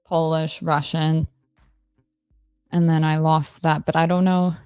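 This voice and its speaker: Woman streamer, laid-back and self-mocking; lower voice, dry close sound. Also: slow, smooth, dry recording, faint music behind. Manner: rambling, relaxed, self-mocking, answers chat. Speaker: live stream host. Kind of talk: casual live-stream chat.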